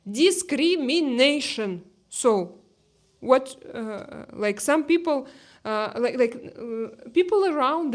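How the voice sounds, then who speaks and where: Slow-talking Russian-accented woman host. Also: a little high. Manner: hesitant, many fillers and restarts. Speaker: livestream host. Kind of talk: casual livestream chat reading comments. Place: outdoor terrace.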